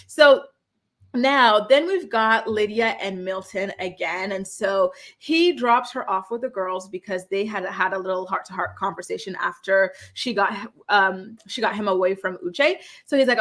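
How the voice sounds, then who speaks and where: A woman hosting a reality show recap, talking casually and acting out quoted lines with lively, opinionated reactions. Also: normal speed. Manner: animated, acts out quotes with rising pitch.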